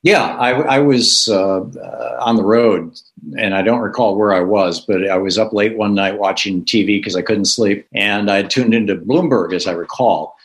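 An older man, a guest and author, telling stories in an animated conversational way and acting out the people he quotes. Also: lowish voice, normal speed, low-quality recording. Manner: animated, acts out quoted voices. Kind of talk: conversational storytelling.

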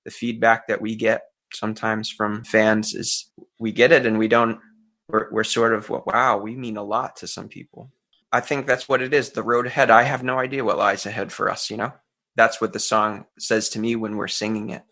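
A man's voice: on the low side, little pitch movement, normal speed, sharp tone. A middle-aged man from Central Massachusetts, a folk singer talking earnestly and openly in an interview, thinking aloud and laughing easily. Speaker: folk singer and musician guest. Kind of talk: relaxed reflective interview talk.

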